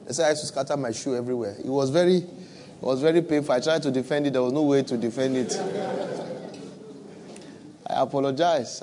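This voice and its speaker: A man's voice: mid-range voice, fairly quick, pauses often, noisy background. A man with a West African accent preaching a sermon to a church audience, conversational and humorous, repeating his phrases for emphasis. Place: church with live and online audience.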